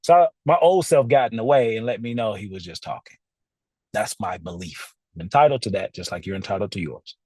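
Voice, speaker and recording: Animated podcast host with a lively voice. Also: male voice, fairly low pitch, fairly quick, husky, no room sound. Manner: animated, laughs often, talks straight to listeners. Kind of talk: casual storytelling monologue. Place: podcast studio.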